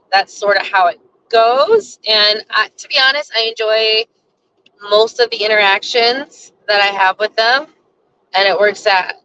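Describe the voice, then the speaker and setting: A woman's voice: medium pitch, bright, forceful tone, muffled recording, a little hiss or hum. A woman chatting casually as a vlogger, rambling with lots of fillers. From United States. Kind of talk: casual chat.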